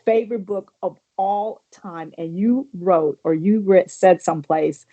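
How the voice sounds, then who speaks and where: A woman's voice: lowish voice, a little slow, warm tone, muffled recording. A woman hosting an interview over a video call, enthusiastic and affirming, often restarting her sentences. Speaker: interview host. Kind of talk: conversational interview.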